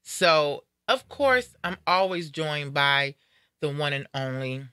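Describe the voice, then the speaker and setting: A woman's voice: sits low, animated, slow pace, pushed and bright, clear, resonant tone, dry recording, clean studio sound. Upbeat woman hosting a live show. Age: middle-aged. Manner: upbeat and playful. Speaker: radio show host. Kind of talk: casual live show chat.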